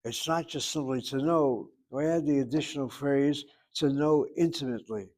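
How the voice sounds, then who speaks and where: A man lectures a class on Hebrew verb forms, laying out each rule step by step. He slips in dry, wry remarks and calls on students by name. His voice sits at an everyday middle pitch. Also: darkish tone. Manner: explanatory, wry asides, addresses students by name. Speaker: Hebrew teacher.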